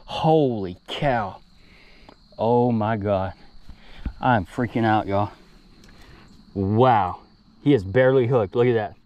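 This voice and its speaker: A man, excitedly narrating his fishing outdoors and talking to his viewers. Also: lowish voice, slow pace, long pauses, highs cut off. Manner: excitable, exclaims often, addresses viewers as y'all. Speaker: fishing vlogger. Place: outdoors by water.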